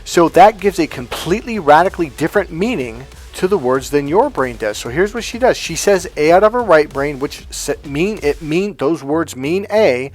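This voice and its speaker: A man with a somewhat high voice coaching on dating, emphatic and blunt, dropping swear words as he tells a story about a client. Faint music plays softly behind him. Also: animated, normal speed, few pauses.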